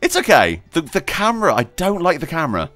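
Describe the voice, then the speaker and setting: A man's voice: on the high side, huge pitch swings, fairly quick, fairly bright tone, faint music behind. A man hosting a gaming video, chatting casually and rambling while he plays, laughing often and talking to himself. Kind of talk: casual gameplay commentary.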